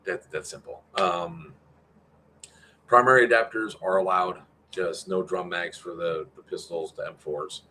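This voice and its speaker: A man's voice: sits low, steady tone, unhurried, pushed and bright, slight background noise. A man organizing an airsoft event, giving a casual, rambling livestream update full of fillers and answering questions from chat.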